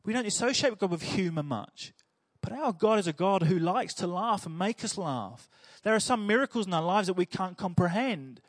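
A man's voice: high voice, lively intonation, normal speed, few pauses, dry recording, studio quality. A man preaching a sermon in a chatty, humorous storytelling way.

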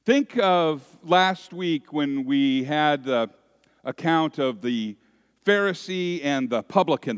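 A pastor preaching a sermon, telling a story dramatically and dropping at times to a hushed voice. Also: male voice, medium pitch. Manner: slow, dramatic storytelling that swings from loud to hushed. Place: church sanctuary. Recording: long reverb of a church hall.

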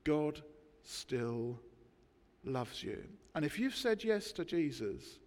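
A man preaching a sermon, emphatic, with dramatic pauses between words. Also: on the high side, sing-song, a little mellow, long reverb tail. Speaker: pastor. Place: church.

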